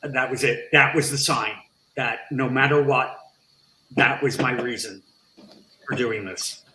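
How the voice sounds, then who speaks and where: A man who is a guest on an interview podcast, telling a story with animated, acted-out dialogue. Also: medium pitch, measured pace, reverberant, noisy background. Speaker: interview guest, nonprofit founder.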